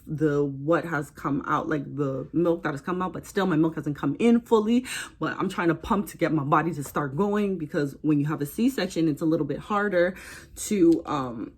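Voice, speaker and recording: A young woman talks to camera in a casual storytime while getting ready, chatty and animated. Her voice sits a little low, and she often slips into quoted voices. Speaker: vlogger.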